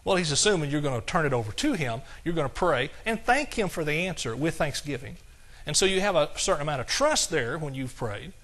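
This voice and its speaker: A man preaching a sermon in a folksy way, slowing down to quote scripture in a measured cadence and chuckling at his own jokes. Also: on the high side, very animated, fairly bright tone.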